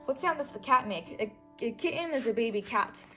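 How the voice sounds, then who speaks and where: A woman teacher reading a storybook aloud to children, slow and careful, pausing to correct herself and to ask the listener questions. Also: a little high, animated, a bit bright, soft background music.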